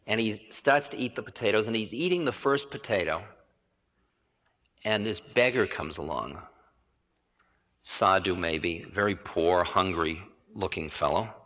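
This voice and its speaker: A man's voice: deep voice, a little slow, a bit bright. A man giving a spiritual storytelling lecture in a rambling, conversational way, correcting himself and adding asides. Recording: reverberant 1980 hall recording.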